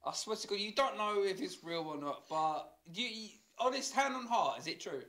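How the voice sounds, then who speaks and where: A man's voice: sits high, animated, moderate pace, bright, forceful tone. A man co-hosting a casual podcast chat, telling sweary anecdotes and often laughing. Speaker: podcast co-host.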